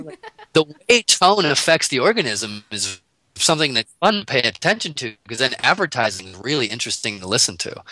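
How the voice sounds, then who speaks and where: Lively, bright-voiced man musing playfully. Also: medium pitch. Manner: playful and laughing, rambling with restarts. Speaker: guest. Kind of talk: casual philosophical conversation.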